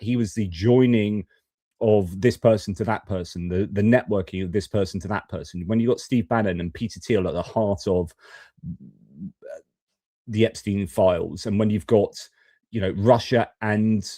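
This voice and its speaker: A man's voice: on the low side, warm tone, no room sound. A man hosting a geopolitics live stream from his home studio, talking in a chatty, opinionated way with frequent fillers.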